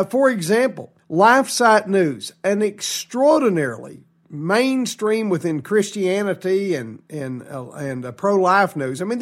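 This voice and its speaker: A man hosting a political talk show, emphatic and indignant, with frequent restarts. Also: high voice. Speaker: radio show host.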